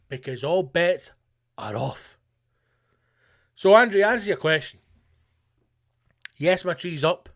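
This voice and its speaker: A man's voice: sits high, lively intonation, slow, pauses often, a bit bright. A Scottish man hosting a podcast, delivering a profane, ranting comic monologue with mock-rallying slogans. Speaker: podcast host.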